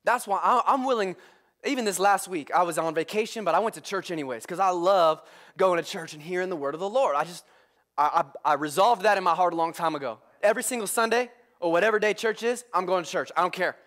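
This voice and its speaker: A male pastor preaching a sermon, excitable and prone to shouting with enthusiasm. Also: sits high, fast. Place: church.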